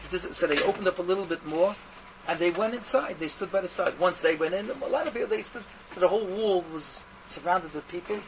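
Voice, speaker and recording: A man's voice: high voice, fairly quick. A man telling a Hasidic tale in a rambling, repetitive way. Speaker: storyteller. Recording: dull recording with steady noise.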